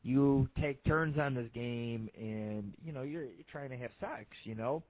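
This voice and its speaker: A man's voice: medium pitch, a little slow, a little hiss or hum. Profane man on a tinny line. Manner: profane, rambling, lots of fillers. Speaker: internet radio host. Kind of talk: crude joke-telling monologue. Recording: phone-like lo-fi line.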